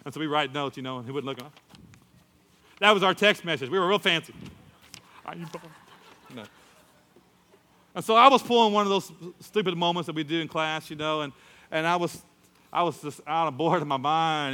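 A middle-aged man preaching a sermon, telling a story and acting out the voices in it with lively storytelling. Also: fairly high pitch, a little fast. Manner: animated storytelling, acts out voices. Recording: long hall reverb.

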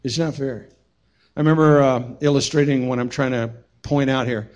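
A middle-aged man preaching a sermon as pastor, telling a personal story and swinging from hushed to shouting. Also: mid-range voice, steady tone, normal speed, muffled recording.

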